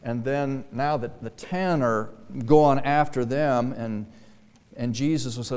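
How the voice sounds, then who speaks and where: A man's voice: mid-range voice, slow, darkish tone, smooth. A male pastor preaching a sermon in a conversational way, building to emphatic, raised passages. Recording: reverberant hall.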